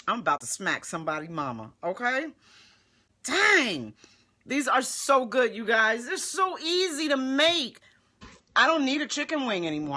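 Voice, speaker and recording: A woman hosting a casual live cooking demo, chatting and tasting food as she talks to viewers. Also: a little high. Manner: chatty and expressive, talks with her mouth full. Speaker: home cooking livestream host. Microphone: phone livestream.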